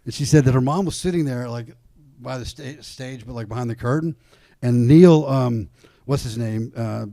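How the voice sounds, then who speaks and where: A man's voice: mid-range voice, moderate pace, vocal fry, dark tone, dry recording. Profane, rambling male storyteller. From Atlanta comedy scene. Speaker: podcast guest. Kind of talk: casual storytelling.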